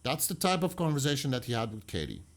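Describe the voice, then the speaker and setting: Animated man doing reaction commentary. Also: mid-range voice, fast. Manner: animated, argumentative, acts out quotes. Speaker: true crime reaction commentator.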